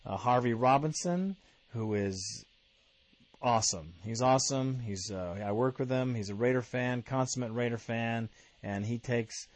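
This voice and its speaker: A man's voice: medium pitch, measured pace, no room sound. A man hosting a fan podcast, talking in a casual, emphatic monologue full of enthusiasm. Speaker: podcast host.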